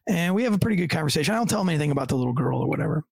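Here a man who is a police officer, guesting on a podcast, races through an expressive, profanity-laced story and performs the voices of others. His voice is gravelly, somewhat husky, and a touch high-pitched, captured close and dry with no room sound.

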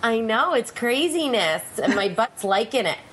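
A woman's voice: on the high side, very animated, moderate pace, fairly bright tone, slight background noise. A woman in her forties with a Pennsylvania accent hosting a talk radio show, sounding nasal from a cold and chatting in a rambling, self-mocking way. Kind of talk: casual radio chat.

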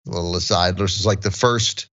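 A man's voice: deep voice, fairly even intonation, fairly quick, a bit bright. A middle-aged man co-hosting a podcast, telling a story in rambling, self-interrupting chat. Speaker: podcast co-host. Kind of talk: casual chat, comic storytelling. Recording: dull, lo-fi, dry sound.

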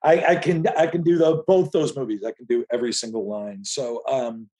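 Animated man in his fifties telling stories. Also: mid-range voice, fairly quick. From Philadelphia area. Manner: animated storytelling with frequent restarts. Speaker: filmmaker guest. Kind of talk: casual conversation.

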